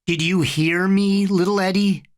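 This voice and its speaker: A reader voicing a furious, panicking older boy who yells in a high, tinny voice in a storybook reading. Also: steady tone, a little slow, close to an everyday voice. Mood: cold hypnotic. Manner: shrill yelling.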